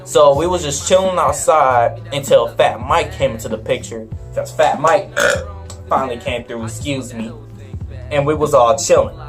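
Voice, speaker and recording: A young man telling a story in a casual, slangy, animated way, with faint music behind him. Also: mid-range voice, moderate pace. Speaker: vlogger. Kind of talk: storytime vlog.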